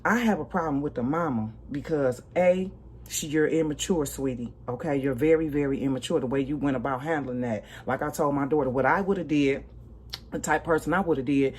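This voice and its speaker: A woman in her forties giving a blunt, profane livestream commentary rant, emphatic, with loud bursts and low asides. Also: brisk, a little hiss or hum. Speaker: livestream host.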